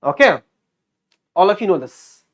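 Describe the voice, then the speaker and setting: A male teacher giving a lively online exam-prep lecture. He repeats key words and keeps quizzing his students. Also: high voice, unhurried. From India.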